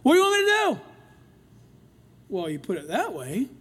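An older man preaching a sermon in an animated way, acting out the voices in the stories he retells. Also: high voice, normal speed, slightly rough. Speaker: pastor.

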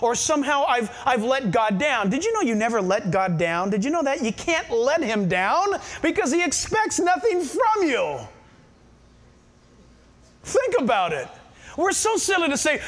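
A man's voice: very high voice, big pitch swings, normal speed, fairly bright tone. A middle-aged man, preaching a sermon and asking the congregation questions. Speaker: pastor.

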